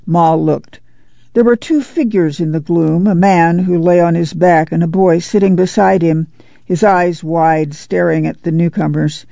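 A narrator reading a novel aloud at a steady, measured pace. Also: mid-range voice, gravelly, dry recording, highs cut off. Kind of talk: audiobook narration.

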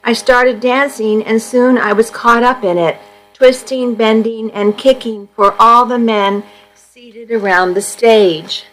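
For a radio reading service, a woman volunteer reads a first-person magazine story aloud in a steady, unhurried storytelling manner. Her voice is a little high, faint music plays behind her, and the audio quality is poor.

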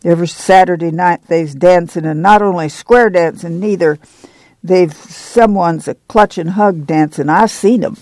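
A man's voice: high voice, moderate pace, darkish tone, no room sound, lightly acted. A man voicing a fierce, pious, stocky older woman with a who scolds and preaches warnings. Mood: scolding.

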